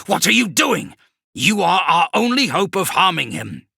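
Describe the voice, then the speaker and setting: A man playing an arrogant warlord in a sci-fi audiobook, his voice pushed high and loud as he barks commands. The delivery is bright and forceful. It sits in a dry, close recording. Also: huge pitch swings, takes it slowly, vocal fry, breathy edge, dry recording, heavily acted. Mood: shouting orders. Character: arrogant male warlord, shouting orders in panic.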